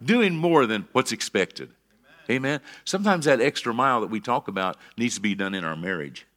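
Animated, bright-voiced preacher man. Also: medium pitch, a little fast. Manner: preacherly, rising to emphatic calls of amen. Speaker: pastor. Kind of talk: sermon.

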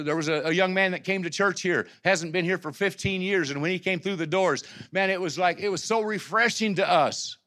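A man preaching a sermon as pastor of his church, moving from low conversational talk to loud, impassioned climaxes with stammered restarts. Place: church sanctuary.

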